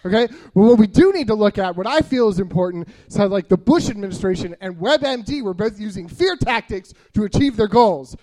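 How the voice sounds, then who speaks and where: A man's voice: very high voice, a little mellow. A man in his early thirties telling a rambling, self-deprecating stand-up story, full of filler uhs. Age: 30s. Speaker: stand-up comedian.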